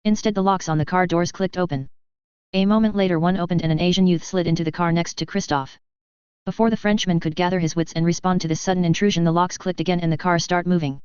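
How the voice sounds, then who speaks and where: An audiobook narrator reading a story in a steady, formal way. The voice is very smooth and resonant, recorded dry with no room sound. The recording has a dull, lo-fi tone. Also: medium pitch, fast, dry recording. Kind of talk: scripted narration.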